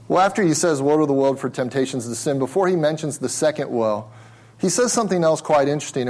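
A man's voice: fairly high pitch, darkish tone. A male pastor preaching a sermon with emphasis, asking questions and repeating words as he restarts.

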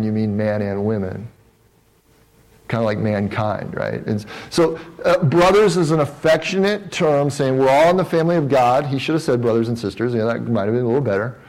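A man's voice: mid-range voice, darkish tone, low-quality recording. A male pastor giving a sermon in a conversational tone, often restarting his phrases. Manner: conversational preaching with frequent restarts.

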